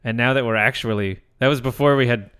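A man's voice: medium pitch, quick pace, a bit bright, clear, resonant tone. A man co-hosting a podcast in casual chat, rambling and self-mocking, often slipping into silly voices, recording indoors at night. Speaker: podcast co-host.

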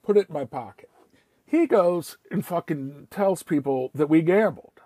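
A man's voice: a little high, animated, a little slow, dark tone, dry recording. A man casually telling a rambling, profane personal story, quoting everyone with "I was like". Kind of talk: casual spoken anecdote.

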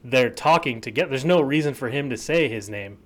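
Podcast co-host, male, mid-pitched, teasing and halting. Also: animated. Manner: teasing, halting with many restarts. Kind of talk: casual podcast chat.

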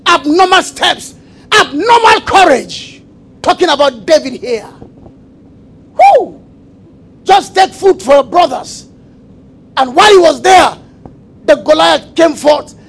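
A man preaching a sermon, repeating phrases and calling for the congregation to answer, shifting between shouts and quiet asides. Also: very high voice, creaky, poor audio. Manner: emphatic call-and-response preaching with repetition.

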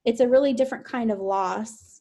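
A young woman speaking as a podcast guest in an emotional personal interview, soft-spoken and halting, with many fillers. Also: fairly high pitch.

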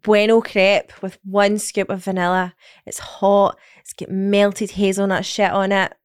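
A woman's voice: mid-range voice, monotone, measured pace, smooth. A young woman with a Scottish accent chats loosely on a podcast. She is blunt and teasing and swears freely, with a mid-range voice for a woman. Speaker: podcast co-host. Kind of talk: casual chat.

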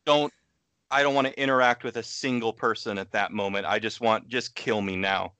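A man co-hosting a podcast, chatting casually in a hesitant, halting way. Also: on the low side, fairly even intonation, bright, forceful tone, smooth, no echo. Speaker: podcast co-host. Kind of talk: casual chat.

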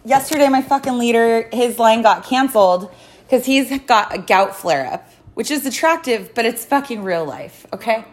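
A woman podcast host tells her story in a lively voice that swoops up and down, her pitch on the high side. She swears freely and vents. The sound is echoey, as if from a bare room. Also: normal speed. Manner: profane, venting, animated storytelling. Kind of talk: casual podcast chat.

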